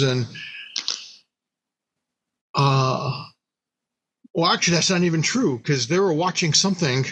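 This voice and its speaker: A man, a company founder, recounting his history in a casual, rambling anecdotal way, full of restarts and repeated words, and acting out quoted dialogue. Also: rough recording. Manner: animated, acts out quoted dialogue with big pitch jumps.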